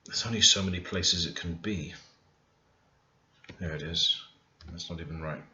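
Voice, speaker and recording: Man, low-pitched, deliberate tutor who thinks aloud, dull roomy home recording. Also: bright, forceful tone, slight background noise. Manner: unhurried, thinking aloud while typing. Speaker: language learner teaching Korean. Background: keyboard typing and clicks.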